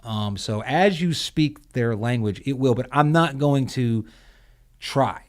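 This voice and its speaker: A man's voice: mid-range voice, slow. A man co-hosting a podcast in casual chat, blunt and rambling, swearing freely. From southern United States. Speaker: podcast co-host.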